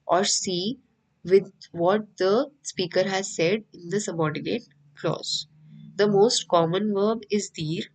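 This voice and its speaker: A woman's voice: medium pitch, darkish tone, low-quality recording. A woman with an Indian English accent teaching an online French class, patiently repeating each point.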